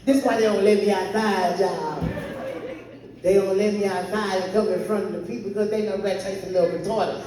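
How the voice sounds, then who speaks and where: A woman's voice: medium pitch, steady tone, a little fast, mellow. A woman performing a stand-up set in a live venue, teasing the crowd in a brash, profane way. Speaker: stand-up comedian. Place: live comedy venue on stage. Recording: very echoey venue, distant mic, audience noise.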